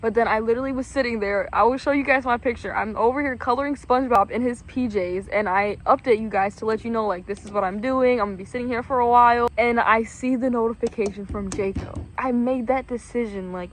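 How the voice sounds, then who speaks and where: Excitable young woman vlogging. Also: fairly high pitch, fast talker, hardly any pauses. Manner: excitable, gushing, lots of "like" and "literally". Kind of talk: casual faith vlog.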